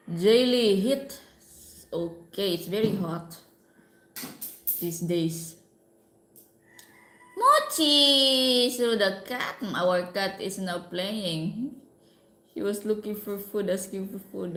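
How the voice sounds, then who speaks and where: A woman's voice: medium pitch, reverberant. A woman with a Filipino accent from Cebu, hosting a casual livestream from home, chatting and reading viewer comments aloud. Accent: Filipino (Cebuano). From Philippines. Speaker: livestream host. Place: home with pet cats.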